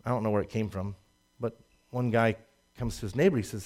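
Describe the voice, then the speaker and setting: A man preaching a sermon, swinging from loud emphatic rises to low asides and laughing at his own jokes. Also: fairly even intonation, brisk, long pauses. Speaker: pastor.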